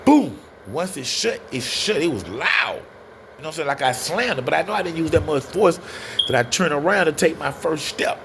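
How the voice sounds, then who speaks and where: A man telling a personal story in a casual, animated way, often turning to his listeners. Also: fairly high pitch, brisk, creaky, noisy background. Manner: animated, addresses listeners as y'all. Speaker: storyteller guest.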